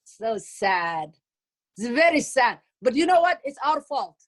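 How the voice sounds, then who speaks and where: Middle-aged Somali-accented woman comic, high-ish voice, teasing, talks straight to the crowd. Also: measured pace. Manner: animated, teasing, asides to audience. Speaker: stand-up comedian. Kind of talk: stand-up comedy set. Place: online event, home setting.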